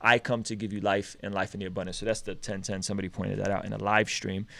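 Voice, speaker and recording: A man in his thirties hosting a casual live stream chat, talking in a relaxed, rambling way and calling out viewers with energy. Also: lowish voice, fast, creaky, dry recording. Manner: relaxed, rambling, animated shout-outs. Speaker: host.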